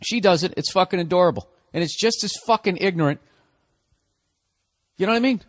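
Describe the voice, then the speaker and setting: A man's voice: high-pitched, brisk, dry recording, clean studio sound. A man in his forties hosting a solo podcast, ranting with profane sarcasm. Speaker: podcast host.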